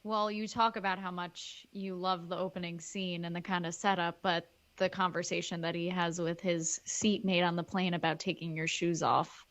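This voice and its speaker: A woman's voice: on the low side, level tone, normal speed, few pauses, fairly bright tone. A woman co-hosting a film podcast in casual chat, playful with laughing asides. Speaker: podcast co-host.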